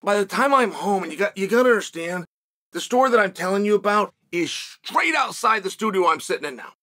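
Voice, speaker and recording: Animated high-voiced man telling a story. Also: a little fast. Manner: animated, acts out shouted quotes. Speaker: show host. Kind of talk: casual monologue storytelling. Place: studio.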